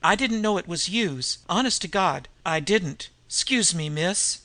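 Man doing a rough street thug. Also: high-pitched, lively intonation, measured pace, sharp tone, exaggerated voice. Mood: sheepish. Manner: tough street slang. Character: rough male street thief, jeering then sheepish.

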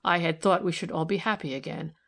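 A man's voice: on the high side, steady tone, quick pace, creaky, fairly bright tone. A woman reading the lines of a troubled young man who speaks soberly and wistfully in an audiobook.

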